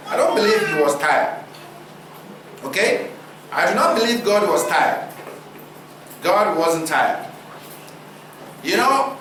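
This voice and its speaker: A man preaching a sermon, asking his listeners rhetorical questions and using deliberate pauses for effect. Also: on the high side, a bit bright, slight background noise. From Nigeria. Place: church hall. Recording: roomy hall recording, distant mic.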